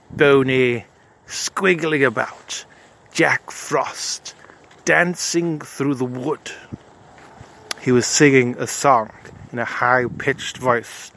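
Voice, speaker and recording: A man's voice: medium pitch, steady tone, very slow, creaky, fairly bright tone, slight background noise. A man telling a comic adventure story in the first person, in a pompous, self-satisfied manner.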